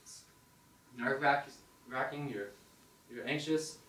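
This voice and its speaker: A young man telling an animated second-person story at an open mic, acting out the thoughts he quotes. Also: medium pitch, slow pace. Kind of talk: storytelling monologue. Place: performance hall. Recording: echoey hall, distant mic, faint noise.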